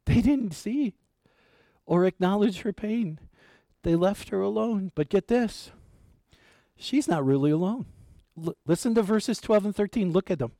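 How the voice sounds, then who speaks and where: A man preaching a sermon as pastor, animated, asking his listeners questions and dropping to a near hush for emphasis, with light humor. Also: high-pitched, measured pace, no room sound. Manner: light humor with an occasional chuckle.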